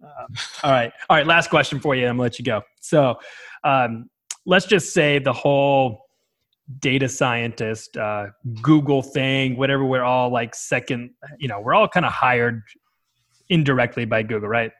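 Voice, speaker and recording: A man hosting a podcast interview, relaxed and loose in his phrasing. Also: mid-range voice, moderate pace. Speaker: podcast host. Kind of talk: casual interview chat.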